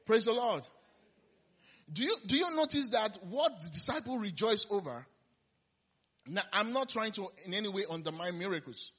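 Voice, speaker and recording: A man preaching a conversational sermon, laughing often and swinging between loud emphasis and quiet asides. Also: high voice, animated, fairly quick, breathy edge.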